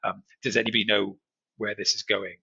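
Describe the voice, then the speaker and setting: A man casually reviewing a care regulator's new strategy in a chatty, wry way, full of jokey asides and a husky edge. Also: fairly low pitch, level tone, a little fast, bright, forceful tone, dull audio. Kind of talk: casual solo video commentary.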